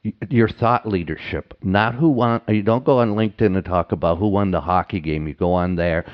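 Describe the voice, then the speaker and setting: A man with a lowish, smooth and resonant voice, chatting casually as an interview guest. He tells stories and acts out the people he quotes, often tossing in a "right?". The sound is a bit dull and lo-fi. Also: fairly quick. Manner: anecdotal, acts out quoted dialogue, frequent "right?". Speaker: marketing consultant, guest.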